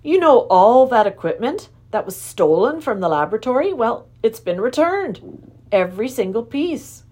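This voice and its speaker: A brisk, skeptical middle-aged father talking over the Sunday paper, as a woman reads him aloud. His voice moves about a lot, with a doubtful edge to it. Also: fairly high pitch, big pitch swings. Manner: brisk, doubtful, then quietly proud.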